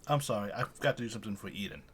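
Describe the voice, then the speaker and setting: A man's voice: on the low side, rapid-fire, crowd noise. A man acting as game master in a tabletop game, talking in a loose, rambling way. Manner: counting aloud, loose and rambling.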